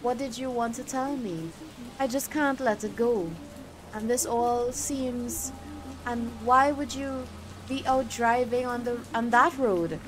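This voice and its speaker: A woman reads out a grieving young woman in a video game, hushed, wistful and searching. She speaks slowly. Game music plays clearly underneath. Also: a little high.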